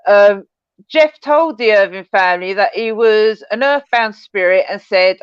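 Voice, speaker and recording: A woman's voice: mid-range voice, a little slow, smooth, no echo, dull audio. A woman co-hosting a podcast in casual chat, laughing often as she tells the story. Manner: giggly, laughs often while telling the story. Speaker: podcast co-host.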